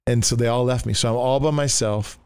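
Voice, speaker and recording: An older man, a pastor, telling his testimony in an animated way, acting out the voices he quotes, with rambling restarts. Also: mid-range voice, a little fast, clean tone, dry recording. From Oregon, US. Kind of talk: animated storytelling.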